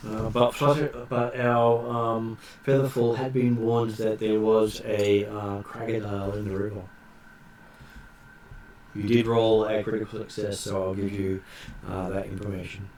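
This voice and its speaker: A man acting as game master in a tabletop session, halting often with ums and uhs as he explains the rules. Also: on the low side, flat delivery, darkish tone, a little hiss or hum.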